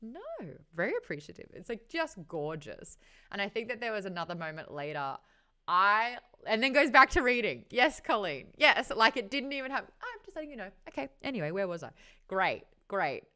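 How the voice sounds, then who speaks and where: A woman's voice: medium pitch, very animated, normal speed, sharp tone, smooth. A woman with an Australian accent hosting a casual book discussion, retelling scenes and acting out the characters' lines. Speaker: book club host.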